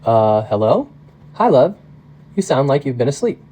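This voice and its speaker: A man's voice: fairly high pitch, animated, fast talker, mellow, lightly acted, rough recording. A man voicing a cheerful, caring wife who works as a nurse. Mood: cheery. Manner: cheery, concerned.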